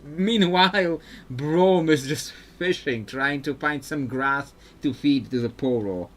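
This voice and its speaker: A man's voice: on the high side, slow pace, fairly bright tone, slight background noise. A man streaming live gameplay commentary, chatty and thinking aloud with frequent fillers. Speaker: streamer playing a video game.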